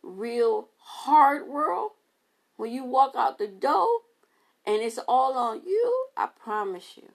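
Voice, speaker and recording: A woman's voice: on the high side, sing-song, unhurried, creaky. A woman, a mother, talking casually and emphatically to her podcast listeners, repeating phrases for effect. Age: adult mother. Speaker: podcast host.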